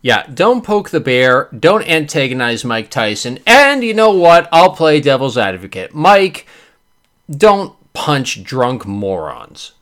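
A man hosting a podcast, giving sarcastic, animated commentary with quick character bits. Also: medium pitch. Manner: sarcastic, animated, does voices. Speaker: podcast host. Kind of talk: casual commentary.

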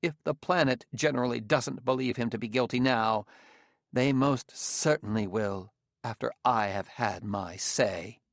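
A man's voice: medium pitch, unhurried, gravelly, no echo, clean studio sound. A man voicing a proud, cold woman scientist with a sneering, imperious manner in an audiobook reading. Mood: scornful.

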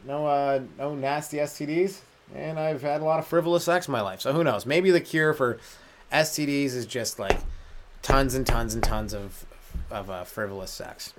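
A man's voice: medium pitch, normal speed, slight background noise. A young man hosting a comedy podcast alone, rambling through crude jokes and laughing at his own lines. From Canada. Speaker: stand-up comedian podcast host. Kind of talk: solo comedic rant.

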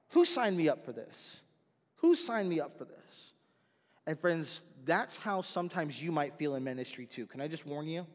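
A man's voice: on the high side, brisk. Guy pastor preaching, acts out the stories, big echoey church sound. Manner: animated storytelling, acting out voices. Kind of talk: sermon.

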